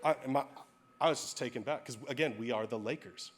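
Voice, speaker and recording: A man's voice: mid-range voice, a little fast. A male pastor preaching a sermon, telling a personal story in a candid, self-deprecating way.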